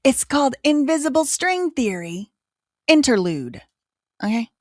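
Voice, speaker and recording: A woman's voice: sits high, very animated, unhurried, no room sound. Chatty woman hosting a live show, dry sound. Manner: rambling, repeats herself, quotes others. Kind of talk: casual commentary.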